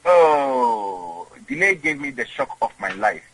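A man with a Ghanaian accent, an interview guest talking in an animated, emotional way, mixing English and Twi. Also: mid-range voice, slow, slightly rough, low-quality recording.

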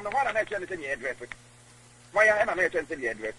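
A man with a Ghanaian accent, an interview guest talking in an animated, emotional way, mixing English and Twi. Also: high voice, very fast, crowd noise, rough recording.

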